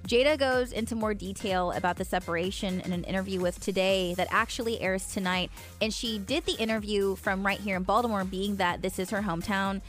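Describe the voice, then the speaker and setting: A woman co-hosting a morning radio show, reading local news stories in a clear newsreader delivery with chatty asides. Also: mid-range voice, fairly even intonation, brisk, few pauses, faint music behind.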